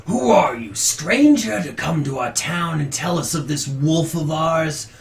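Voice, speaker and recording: A man voicing an indignant middle-aged village priest who shouts accusingly at a stranger in a tabletop game. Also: fairly high pitch, expressive, unhurried, gravelly. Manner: loud, accusing, proclaiming.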